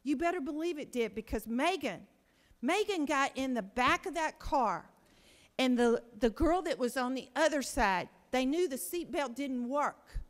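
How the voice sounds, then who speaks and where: Lady senator pleading hard at a podium mic, kinda high voice, big echoey chamber. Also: expressive, measured pace. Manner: emotional, pleading, rhetorical questions. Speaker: state senator. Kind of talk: impassioned floor speech. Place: large legislative chamber. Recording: long reverb of a large chamber.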